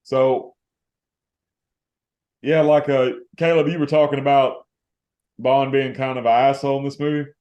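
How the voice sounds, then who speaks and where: A man hosting a podcast, chatting casually about a film in a relaxed, rambling way and laughing often. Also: medium pitch, unhurried, pauses often, echoey room, highs cut off. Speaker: podcast host.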